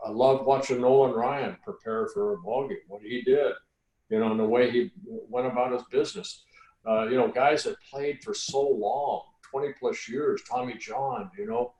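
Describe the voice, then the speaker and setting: Man, sixties, podcast guest, relaxed storyteller, filler-heavy, average pitch, echoey room. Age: 60s. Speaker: guest, former major league pitcher. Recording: roomy echo.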